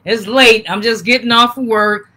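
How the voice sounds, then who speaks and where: A woman's voice: a little high, fairly even intonation, moderate pace, sharp tone. A woman in her fifties hosting a casual live-stream sale, folksy and chatty, repeating her welcomes again and again. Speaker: live-stream seller and host.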